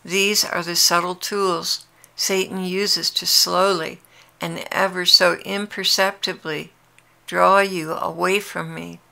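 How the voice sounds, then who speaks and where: A woman's voice: fairly low pitch, gravelly, heavily acted. A woman voicing Jesus as a tender, longing man who speaks earnestly to his brides in a devotional dialogue. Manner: earnest, intimate, gently pleading.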